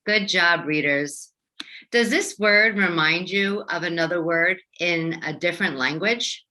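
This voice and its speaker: A woman teacher leading a young children's phonics lesson, speaking slowly and enunciating each sound clearly. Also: lowish voice, pushed and bright. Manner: slow, clearly enunciated, sing-song teacher voice.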